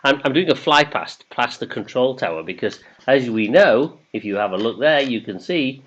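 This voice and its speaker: A man runs a casual online quiz, chatting and joking between questions, which he reads in English and then in German. His pitch rises and falls a lot, and the sound is somewhat dull and lo-fi. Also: lively intonation, normal speed, fairly bright tone. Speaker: quiz host. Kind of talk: casual livestream quiz hosting.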